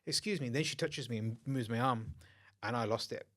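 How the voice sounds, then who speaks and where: A man co-hosting a podcast, telling a story in a relaxed, blunt way. He swears freely and keeps the tone chatty. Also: mid-range voice, normal speed. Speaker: podcast co-host. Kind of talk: casual chat.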